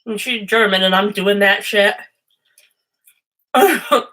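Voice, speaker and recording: Chatty woman doing a tarot livestream, bright voice, rambles off topic, swears a lot. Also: mid-range voice, flat delivery, slow, low-quality recording. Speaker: host and tarot reader. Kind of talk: casual livestream chat.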